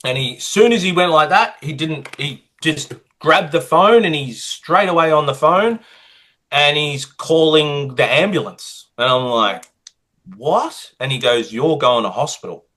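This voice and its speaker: An Australian man, a guest, telling a personal story in an interview with lively acted-out dialogue. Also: a little high, unhurried. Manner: animated, acts out quoted dialogue.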